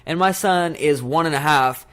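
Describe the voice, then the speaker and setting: A man's voice: fairly high pitch, moderate pace. A young man co-hosting a podcast, retelling film scenes in a casual chat and acting out the lines. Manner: animated retelling with acted-out quotes. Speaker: podcast co-host.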